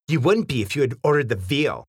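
A shrill, domineering middle-aged woman who keeps snapping orders, pitched well above the reader's own voice and pushed louder, as a man voices her. She sounds huffy and rather raspy in a dry, close recording. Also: big pitch swings, a little fast, no echo, exaggerated voice. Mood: bossy.

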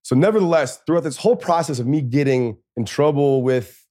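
A man's voice: mid-range voice, a little fast, warm tone, no echo, studio quality. Laid-back man telling stories with laughs. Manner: laid-back, laughs often, swears casually. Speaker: podcast guest, former football player. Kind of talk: casual storytelling.

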